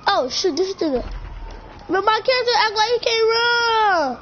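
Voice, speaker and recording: A woman's voice: very high-pitched, expressive, moderate pace. A woman, trash-talking and swearing playfully while commenting on her gameplay. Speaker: gamer. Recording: dull lo-fi mic with faint background noise.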